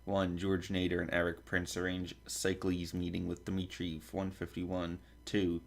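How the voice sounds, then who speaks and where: A man's voice: deep voice, monotone, measured pace, creaky. A man hosting a podcast, reading a long table of contents aloud, stumbling over foreign names and making asides. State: dry throat, coughing. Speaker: podcast host.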